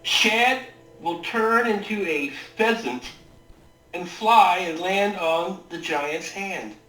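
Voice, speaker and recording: A man's voice: high-pitched, takes it slowly, pushed and bright. A man playing a tabletop game, chatting casually and laughing at himself. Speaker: player. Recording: distant mic in an echoey room.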